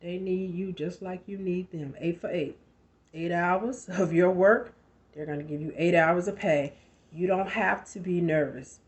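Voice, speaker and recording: A woman's voice: lowish voice, fairly even intonation, unhurried, darkish tone. A woman in her thirties giving a conversational motivational talk, emphatic and full of rhetorical questions. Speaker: motivational speaker.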